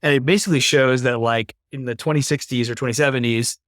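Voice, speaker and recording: A man's voice: mid-range voice, steady tone, fast, a bit bright, dry recording. Earnest man in his thirties, dry sound. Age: 30s. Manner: earnest, reflective, uses "like" often. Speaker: podcast guest, climate investor. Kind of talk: casual conversation.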